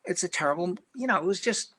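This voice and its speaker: An older man recounting stories from his career in a bright, forceful voice that sits a little high for a man. He throws himself into each anecdote, acting out everyone he quotes. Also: fast. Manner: animated storyteller who acts out quoted voices. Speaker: film director, interview guest. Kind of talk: anecdotal interview storytelling.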